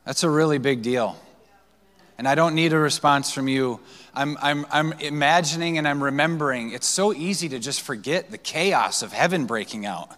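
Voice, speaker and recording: Preaching a sermon in a church sanctuary, a male pastor shares personal stories casually, with fillers and restarts along the way. His voice is fairly high and a bit bright at a normal pace, echoing with long church-hall reverb.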